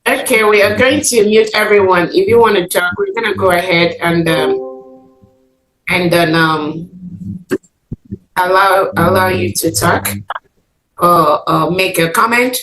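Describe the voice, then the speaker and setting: A woman moderating an online meeting, talking with many fillers and pauses. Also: fairly low pitch, fairly bright tone. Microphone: online call audio. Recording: echoey room with noise behind.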